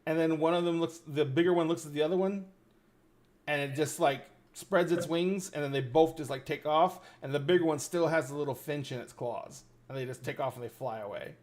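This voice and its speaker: A man's voice: fairly high pitch, fairly quick, darkish tone. A man narrating as game master of a tabletop role-playing game, loose and full of fillers.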